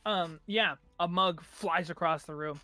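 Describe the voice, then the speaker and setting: Game master, tabletop narration, halting and rambling, mid pitch, dry close sound. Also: pushed and bright, dry recording. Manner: rambling, filler-heavy narration.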